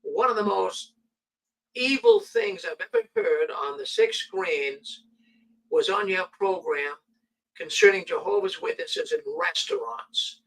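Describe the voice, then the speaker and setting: A man hosting a casual talk show, telling stories in an animated way. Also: high-pitched, slow, vocal fry, far from the mic, low-quality recording. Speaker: host.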